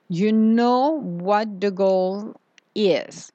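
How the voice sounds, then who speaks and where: A woman giving a motivational spiritual talk as a coach, speaking in a slow, soothing way with drawn-out phrases. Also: mid-range voice, dry recording, lo-fi sound.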